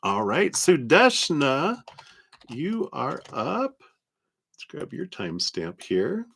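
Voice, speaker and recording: A man reading tarot cards on a live stream, talking in a gentle, reflective way and laughing often. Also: fairly high pitch, huge pitch swings, slow, creaky, breathy edge. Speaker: tarot reader.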